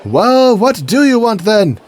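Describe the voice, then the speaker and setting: A man's voice: high-pitched, very animated, slow, a faint crowd, pitched above the performer's own voice, full character voice. A man doing a baffled castle gate guard.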